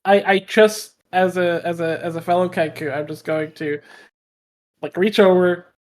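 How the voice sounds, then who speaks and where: A man's voice: high-pitched, fairly even intonation, moderate pace. A man playing a tabletop game, talking through his character's actions with many restarts. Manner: hesitant, restarting, explaining. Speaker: player.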